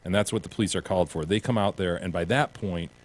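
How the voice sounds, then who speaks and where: A very low-pitched male voice talks in a casual podcast chat. He is blunt and openly indignant, and he swears without a second thought. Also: fast. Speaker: podcast co-host.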